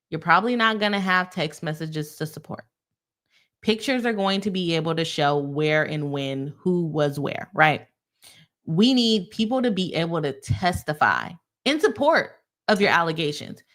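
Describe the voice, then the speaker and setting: A young adult woman hosting a casual live-stream legal commentary, talking to her viewers in an animated, heated way and calling them "y'all". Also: on the low side.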